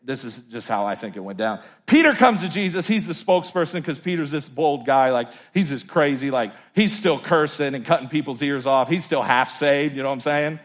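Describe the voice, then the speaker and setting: A man, a pastor, preaching an energetic, joking sermon with many repetitions. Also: mid-range voice, brisk, few pauses. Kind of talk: humorous sermon.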